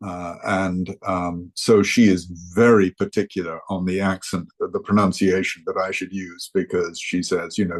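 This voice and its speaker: A man's voice: sits low, flat delivery, moderate pace, hardly any pauses. An older man giving an informal talk to a society, hesitant, with many fillers and restarts. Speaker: guest speaker.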